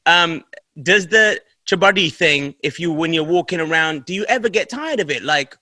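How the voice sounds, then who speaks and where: Bright, slightly high host. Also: male voice, normal speed, dry recording. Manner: relaxed, curious, swears casually. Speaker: podcast host. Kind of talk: casual podcast interview.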